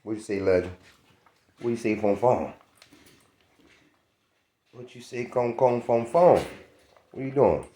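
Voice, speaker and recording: A man's voice: mid-range voice, slow, long pauses, warm tone. A man just woken up, chatting casually in slang to his viewers while feeding his dogs. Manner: laid-back slangy chat, keeps asking "you understand me". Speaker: dog owner vlogger. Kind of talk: casual vlog talk to camera. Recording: roomy echoey sound.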